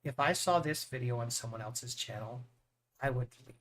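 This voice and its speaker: A man's voice: mid-range voice, normal speed, fairly bright tone, slight background noise. Earnest rambling male streamer. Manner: rambling, earnest, repeats words when starting a thought. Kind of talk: casual chat on a live stream.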